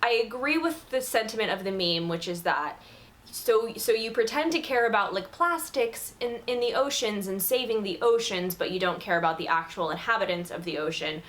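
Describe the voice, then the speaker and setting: A woman sharing her opinions in a chatty, casual talk to camera. She leans on filler words and speaks frankly, at a middle pitch for a woman. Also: animated, moderate pace, a bit bright. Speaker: vegan video creator. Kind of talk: casual talking-to-camera commentary.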